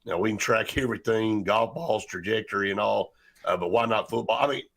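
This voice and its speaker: A man's voice: on the low side, brisk, vocal fry, fairly bright tone. A man hosting a sports talk show, rambling with many restarts and fillers.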